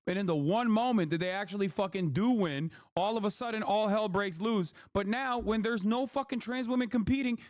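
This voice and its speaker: A man delivering a heated, profane political commentary rant, often breaking into shouting. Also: sits high, no echo, studio quality. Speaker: streamer being watched.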